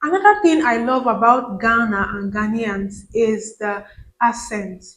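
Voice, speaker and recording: Chatty Nigerian woman, slightly high voice. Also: unhurried, background noise. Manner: chatty, repeats words for emphasis. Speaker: vlogger. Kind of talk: casual chat to camera.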